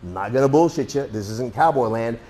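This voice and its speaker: A male self-defense instructor walks his students through a demonstration in a blunt, streetwise way, swearing casually as he explains each move. His voice sits at an ordinary middle pitch. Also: animated, brisk, dark tone. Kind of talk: hands-on demonstration lesson.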